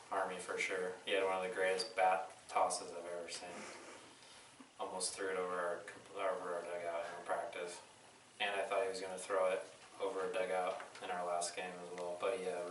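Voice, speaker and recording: A young man with a deep, flat voice giving a dry, measured answer. He sits away from the mic in an echoey room, with a faint hiss behind him. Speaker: high school baseball player. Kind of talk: casual interview. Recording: echoey room, distant mic, light noise.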